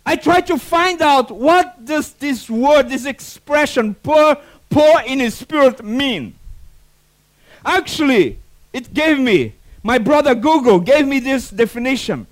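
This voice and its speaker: High-voiced animated preacher man. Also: slow pace. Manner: animated preaching with acted-out quotes and non-native phrasing. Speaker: pastor. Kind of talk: sermon.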